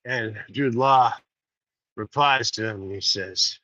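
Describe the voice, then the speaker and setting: A man's voice: on the low side, slow pace, bright, forceful tone, no echo. A man hosting a rambling walk-and-talk livestream outdoors by rice fields, chatty and digressive, on a dull lo-fi recording. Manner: digressive, chatty, folksy asides. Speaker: host.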